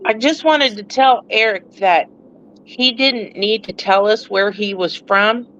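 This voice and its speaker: A woman's voice: mid-range voice, a little slow, a bit bright, slight background noise. A woman on a sports podcast panel, upbeat and laughing in casual chat. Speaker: panel co-host. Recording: dry, dull lo-fi audio.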